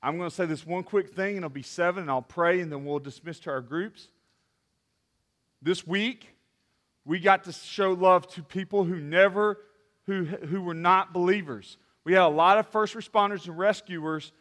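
A man preaching a sermon as a youth pastor, impassioned, with restarts, swinging from loud to hushed. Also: sits high.

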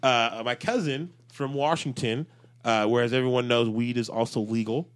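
Co-hosting a podcast, a man rambles through stories in loose, casual chat, swearing freely and leaning on plenty of fillers. His medium-pitched voice keeps a fairly even intonation at a moderate pace.

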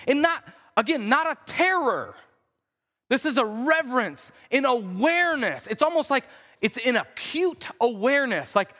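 A pastor preaching a conversational sermon in a church, acting out the quotes in voices. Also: male voice, very high-pitched, pushed and bright. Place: church sanctuary. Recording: reverberant church hall.

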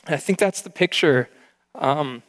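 A man's voice: a little high, a little slow, fairly bright tone, big-room sound. A male pastor preaching an earnest, heartfelt sermon, with frequent restarts.

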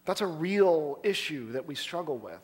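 Man pastor, animated storytelling sermon, slightly high voice. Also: normal speed. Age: adult, past college.

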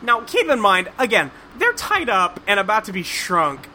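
A man's voice: high-pitched, huge pitch swings, normal speed, sharp tone, slight background noise. A man recapping a cartoon episode in casual chat, rambling and profane, with lots of fillers. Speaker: podcast host recapping a cartoon.

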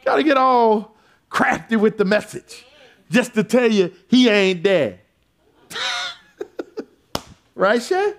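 A man preaching a sermon as pastor, leading call-and-response with his congregation and building up to shouts. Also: high voice, sing-song, takes it slowly, long pauses.

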